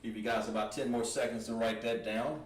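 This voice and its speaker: A man teaching a language class, thinking aloud and pausing while he writes on a board. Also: lowish voice, steady tone. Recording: echoey room, mic at a distance, faint noise.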